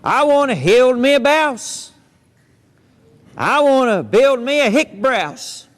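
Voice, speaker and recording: A man voicing a goofy little pig in a comic story for children, hollering high and squeaky. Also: big pitch swings, takes it slowly, exaggerated voice. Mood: silly. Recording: long hall reverb.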